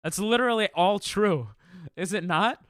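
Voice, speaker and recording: Guy streamer rambling to chat, kinda high voice, smooth, laughs it off a lot. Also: normal speed, dry recording, studio quality. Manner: defensive, laughing, rambling with restarts. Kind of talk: casual chat with stream chat while gaming.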